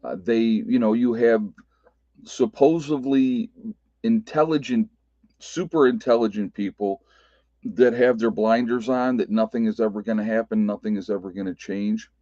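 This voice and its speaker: A man with an Appalachian American accent hosts a casual livestream, his voice low, steady and warm at a moderate pace, with no echo. He speaks loosely, laughs often and restarts sentences, recorded on dull lo-fi webcam audio.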